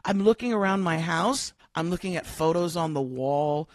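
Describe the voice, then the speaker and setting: A middle-aged woman living in Australia, a coach appearing as a podcast guest, tells a story from home in casual interview talk. Her voice is fairly low and at normal speed, and she's a lively storyteller who acts out the quoted dialogue. The recording is dry.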